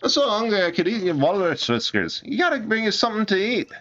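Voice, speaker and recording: A man's voice: sits high, very animated, fast, sharp tone, dull audio, pitched above the performer's own voice, heavily acted. A man voicing a starving male dockhand sailor who bluntly demands food. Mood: hungry. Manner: brash, demanding.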